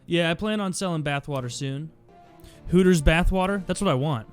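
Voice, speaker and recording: A man's voice: on the high side, normal speed, smooth. Wisecracking male streamer, casual and giggly, light game music underneath. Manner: joking, laughs often, slips into impressions. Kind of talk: casual livestream chat over gameplay.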